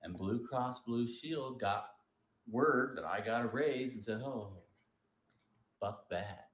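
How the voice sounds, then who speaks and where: A man's voice: mid-range voice, takes it slowly, roomy sound. A man performing a profane stand-up comedy rant. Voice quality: profane, ranting and animated.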